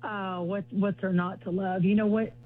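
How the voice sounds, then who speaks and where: A Southern US woman, a comedian, joins as a guest over a tinny phone line and chats in a bubbly, folksy way. Her mid-range voice barely moves in pitch, her pace is moderate, and there's a little hiss or hum on the call.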